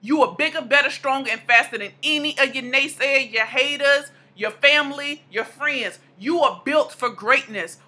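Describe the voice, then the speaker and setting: A woman's voice: high voice, normal speed, few pauses, pushed and bright. A woman in her thirties giving a motivational speech, emphatic and repeating lines for punch. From American South / Midwest. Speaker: motivational speaker.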